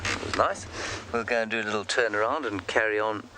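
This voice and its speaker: Deep-voiced guy doing live safari commentary, calm and explaining, outdoor noise all around. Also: brisk. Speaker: safari guide. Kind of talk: live game-drive commentary. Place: outdoors in the bush on a game drive.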